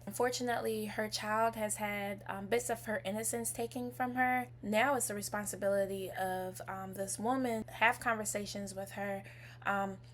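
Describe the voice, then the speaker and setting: A woman hosting a reaction video, giving calm, thoughtful commentary with a few pauses. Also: mid-range voice. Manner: measured, thoughtful, some "um" fillers.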